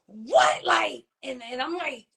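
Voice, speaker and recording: A woman with a slightly high voice gives emotional personal testimony in an interview. She speaks in a halting, heartfelt way, restarting her sentences and often checking that the listener follows her. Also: fairly bright tone. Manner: halting, heartfelt, many fillers and restarts, often asks "you know what I mean?". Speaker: interview guest, grieving mother and author.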